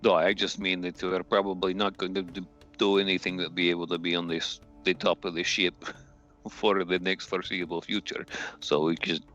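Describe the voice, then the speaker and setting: Man, tabletop player, very deep voice, dull lo-fi mic, joking, faint music. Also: little pitch movement, moderate pace, a bit bright. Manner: casual, joking, laughs a lot. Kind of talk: tabletop roleplay chat.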